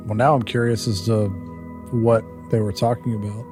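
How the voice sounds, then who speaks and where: A man's voice: lowish voice, little pitch movement, normal speed, music in the background. A man playing a tabletop game, talking hesitantly and casually. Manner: hesitant, casual, many fillers. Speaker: player.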